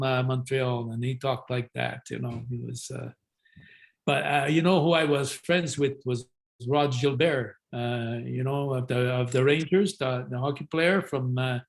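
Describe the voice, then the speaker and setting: A man's voice: medium pitch, creaky. An older man, a guest actor, telling stories in a casual interview, rambling with many fillers and restarts. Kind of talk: casual interview talk, storytelling.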